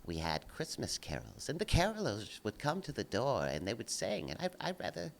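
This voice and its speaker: Man doing a prim, hushed old English gentleman. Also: mid-range voice, wildly swooping pitch, a little fast, vocal fry, slight background noise, voice pushed down, low-quality recording. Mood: wistful. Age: older. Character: fussy, prim older English gentleman mocked as a pompous intellectual.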